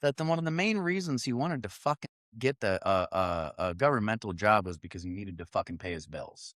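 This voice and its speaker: A man's voice: on the low side, lively intonation, a little fast, fairly bright tone, no echo, clean studio sound. A man, co-hosting a podcast and telling stories in an exasperated, profane way. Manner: profane, exasperated storytelling, acting out quoted exchanges. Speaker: podcast co-host. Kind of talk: casual chat. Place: studio.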